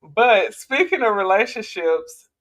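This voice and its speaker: A woman's voice: medium pitch, expressive, a little slow, a bit bright. A woman hosting a casual commentary vlog, talking in a chatty, rambling way to her viewers. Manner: chatty, rambling, with frequent restarts and laughs. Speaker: vlogger host.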